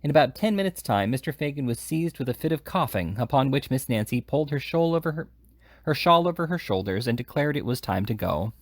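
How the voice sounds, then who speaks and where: A man's voice: mid-range voice, expressive, fairly quick, dry recording, studio quality. A man reading a classic novel aloud in a casual way, with occasional slips and restarts. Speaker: reader. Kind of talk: audiobook reading.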